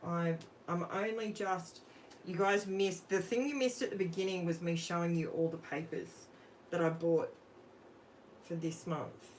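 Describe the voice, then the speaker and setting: Slow-talking Australian woman crafting live. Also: lowish voice, steady tone, a little mellow, slight background noise, rough recording. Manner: chatty, talks to viewers while working. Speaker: crafting livestream host. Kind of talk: casual live crafting chat.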